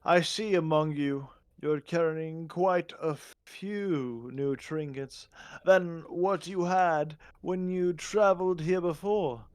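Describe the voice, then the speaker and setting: A pompous goblin king holds court, his voice pitched up and booming, as a game master puts him on. He draws out his regal words slowly and greedily. The sound is smooth and dry, close to the mic. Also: dry recording. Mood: demanding. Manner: grandiose, drawn-out regal speech.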